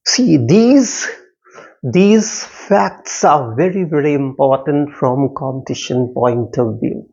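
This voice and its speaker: A man teaching a poetry lesson, slowly repeating words and sounding out stressed and unstressed syllables. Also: on the high side, a little mellow. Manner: slow, repetitive, stressing syllables aloud. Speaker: English literature teacher. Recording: dull lo-fi sound.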